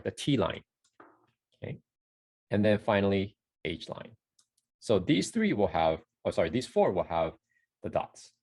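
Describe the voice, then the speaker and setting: A man with a husky, somewhat low voice walks through a casual pronunciation lesson. He sounds out each syllable slowly and repeats it, now and then correcting himself mid-sentence. His pitch moves in a lively way between high and low. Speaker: Japanese teacher.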